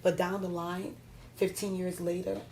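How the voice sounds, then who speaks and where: A woman's voice: on the low side, level tone, moderate pace, creaky, darkish tone, slight background noise. Blunt, outspoken woman in a podcast debate. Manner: blunt, teasing, swears freely. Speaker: podcast guest. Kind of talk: heated casual debate.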